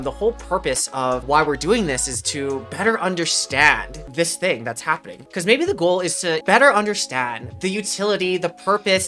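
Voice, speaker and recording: A woman with a lowish voice and a bright, forceful edge talks through her ideas in a loose, slangy podcast chat. She coaches players and laughs often as she works through a point. Her delivery stays relaxed and conversational. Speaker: podcast host and mental performance coach. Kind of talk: casual podcast talk.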